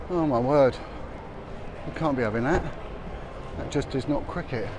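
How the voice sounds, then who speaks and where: A man's voice: mid-range voice, normal speed. A middle-aged man, chatting and rambling as he walks through busy city streets for a livestream, with lots of restarts and fillers. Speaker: vlogger. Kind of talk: walking livestream commentary. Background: passers-by and street noise.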